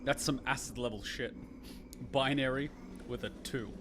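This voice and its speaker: A man giving casual reaction commentary on a game, excitable, joking and profane. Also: mid-range voice, normal speed, noisy background.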